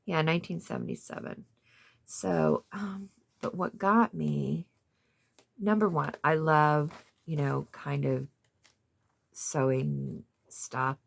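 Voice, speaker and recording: A woman's voice: deep voice, steady tone, slow pace, vocal fry, a little hiss or hum. A woman in her fifties chatting casually about a craft haul, rambling with lots of fillers. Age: 50s. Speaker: craft vlogger. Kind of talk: casual show-and-tell of a thrift haul.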